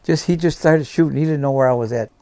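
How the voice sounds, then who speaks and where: A veteran guest in his seventies tells his war stories vividly, acting out what was said. His voice is fairly high-pitched yet dark in tone, he talks fast, and there's no room sound.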